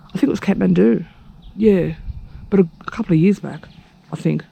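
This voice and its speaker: A woman with an Australian accent vlogging outdoors in a chatty, cheeky way, slipping into quiet asides. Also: lowish voice, normal speed, vocal fry, husky. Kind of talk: casual vlog monologue. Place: outdoors at a rural retreat at dawn.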